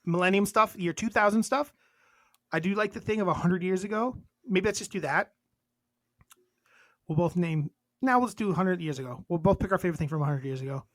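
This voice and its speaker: A man's voice: high-pitched, a little fast, long pauses, no echo. A man co-hosting a podcast in casual chat, reading a list aloud and cracking crude jokes between items. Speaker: podcast co-host.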